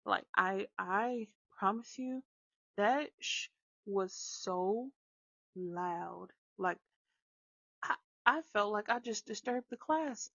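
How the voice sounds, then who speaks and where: A woman telling a casual story about her kids, animated, dropping into hushed whispers now and then. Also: on the high side, slow pace, no echo. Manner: animated, drops to hushed whispers when acting out shushing. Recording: slightly dull lo-fi sound.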